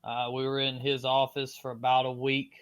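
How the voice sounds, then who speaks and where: Podcast guest: Southern US man from Florida, mid-pitched, loose and animated storyteller with filler words. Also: normal speed, clear, resonant tone. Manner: animated, with frequent fillers and swearing. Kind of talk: casual storytelling.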